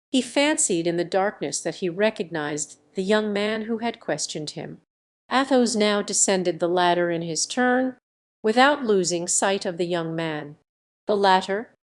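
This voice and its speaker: A woman narrating a classic adventure novel as an audiobook, reading in an even, measured way. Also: mid-range voice. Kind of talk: scripted narration.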